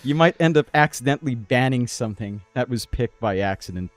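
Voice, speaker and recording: A man's voice: mid-range voice, lively intonation, a little fast, no room sound, soft background music. A man from the Philippines working as an esports caster, chatting casually and teasing his co-caster. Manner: joking, playful teasing. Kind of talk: casual chat between casters.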